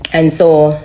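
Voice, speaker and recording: A woman giving an earnest, halting personal testimony on a live stream, often repeating herself. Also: sits low, darkish tone. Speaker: livestreamer sharing a testimony.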